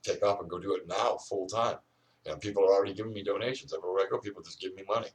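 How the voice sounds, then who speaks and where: Older man, quick rambling rant, lower voice, a bit off-mic outdoors. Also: fairly even intonation, far from the mic. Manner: ranting, repetitive, fillers "you know". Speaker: vlogger.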